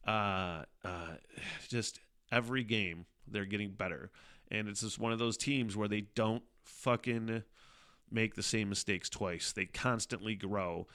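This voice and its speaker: A man's voice: on the low side, vocal fry, bright, forceful tone. A man hosting his own podcast, talking in a casual, rambling monologue full of profanity, fillers and laughter. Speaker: podcast host.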